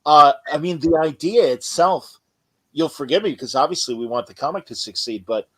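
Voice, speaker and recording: A man's voice: fairly high pitch, animated, normal speed, a bit bright, breathy edge, rough recording. A man hosting an interview, asking enthusiastic, rambling questions with many restarts. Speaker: podcast host. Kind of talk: casual interview chat.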